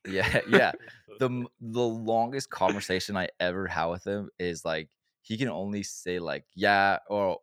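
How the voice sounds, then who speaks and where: A young man co-hosting a podcast, telling stories in a relaxed, laughing way and swearing a lot. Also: fairly low pitch, normal speed, smooth, dry recording, studio quality. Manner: laid-back, swears a lot, laughs often. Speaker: podcast co-host. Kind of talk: casual chat.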